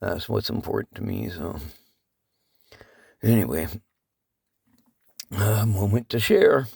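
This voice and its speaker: Man, crying, gravelly low voice, cracking high, swearing, dry close sound. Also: expressive, slow, darkish tone, dry recording. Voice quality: voice cracking, breaking into high pitch. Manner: swearing, rambling, heartfelt. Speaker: vlogger. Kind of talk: emotional casual vlog talk.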